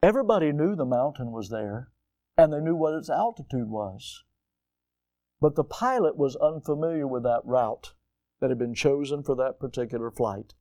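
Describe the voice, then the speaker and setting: An older man preaching a sermon as a pastor, dramatic and swinging from quiet, low lines to sudden loud, high cries for emphasis. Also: expressive, moderate pace, dry recording. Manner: dramatic, rising to near-shouts for emphasis.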